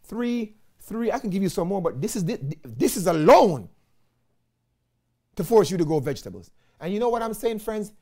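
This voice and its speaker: A man with a Jamaican accent, an evangelist preaching a sermon in an animated way, often calling his listeners "friends". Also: high voice, normal speed, pauses often.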